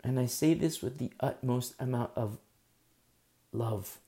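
A man preaching a sermon, impassioned, rising to emphatic questions and dropping to a hush. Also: mid-range voice, a little slow.

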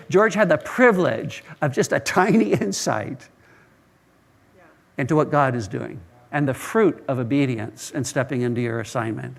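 A man's voice: medium pitch, vocal fry. A male pastor preaching a sermon, telling stories earnestly and often repeating words as he starts a phrase.

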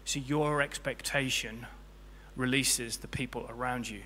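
A man preaching a sermon as pastor, impassioned, swinging between loud peaks and quiet low stretches. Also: steady tone, measured pace, slight background noise. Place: church hall. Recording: long hall reverb with faint music.

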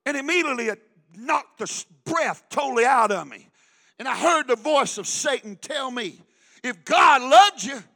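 High, bright-voiced preaching man. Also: gravelly. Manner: fervent preaching, swinging from hushed to loud. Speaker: pastor. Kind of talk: sermon.

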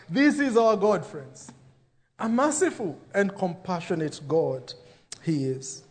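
High-voiced man preaching a sermon. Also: lively intonation, takes it slowly, darkish tone. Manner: preaching with rising emphasis and dramatic quoted voices. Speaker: pastor.

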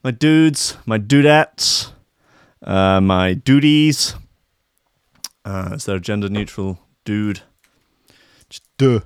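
A man's voice: fairly low pitch, lively intonation, takes it slowly, long pauses, smooth, no room sound, studio quality. A man hosting a show, chatting in a rambling, profane, joking way. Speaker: show host. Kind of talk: casual chat.

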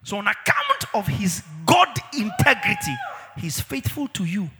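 A man preaching a sermon as pastor, emphatic, with sudden shouts and drawn-out words. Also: very high voice, wildly swooping pitch, big-room sound, music in the background.

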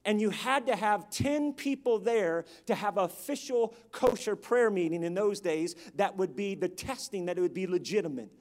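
Male preacher, high voice, rhythmic sermon delivery, rises to loud emphatic peaks. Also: animated, moderate pace, few pauses.

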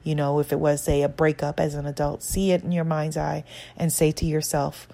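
Self-help coach, woman, warm dark tone with vocal fry, earnest and encouraging. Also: sits low, level tone, a little fast. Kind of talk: guided self-help talk.

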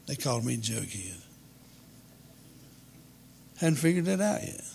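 A man, telling a humorous childhood story in a folksy, deadpan way. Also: medium pitch, unhurried, gravelly, slight background noise.

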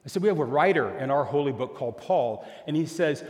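Older preacher ringing through a hall. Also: male voice, a little high, fast talker, few pauses. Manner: animated storyteller acting out dialogue. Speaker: pastor. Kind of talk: sermon with storytelling. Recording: long hall reverb.

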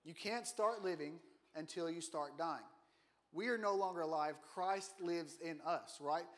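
Speaking a little slowly in a slightly high voice, a man preaches as a guest in a church auditorium. The sermon is casual and full of jokes, with frequent questions to the congregation.

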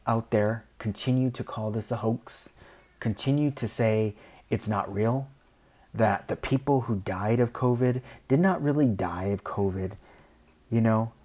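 A man's voice: mid-range voice, mellow, husky. Rambling man giving opinions. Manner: rambling, repeats "you know", mimics people in quoted asides. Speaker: commentator. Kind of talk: casual opinion monologue.

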